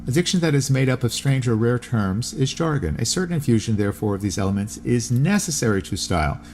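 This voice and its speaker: A man's voice: mid-range voice, lively intonation, fast talker, darkish tone, a little hiss or hum. A man hosting a podcast, reading aloud from a classical text with plain asides and spelling out Greek words letter by letter. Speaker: podcast host.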